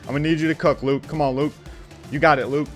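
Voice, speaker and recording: A fairly high-voiced man commentates on his own basketball video game, swinging between excitement and exasperation as he scolds the players on screen. His talk is casual and full of slang and swearing. Faint game music plays behind him. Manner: excitable, quickly frustrated, talks to the players on screen. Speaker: gaming channel host.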